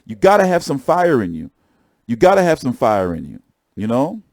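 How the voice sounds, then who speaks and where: A young man chatting casually on a stream about boxing, excitable and profane, often repeating himself. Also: medium pitch, normal speed, gravelly, no room sound, clean studio sound. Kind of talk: casual live-stream chat.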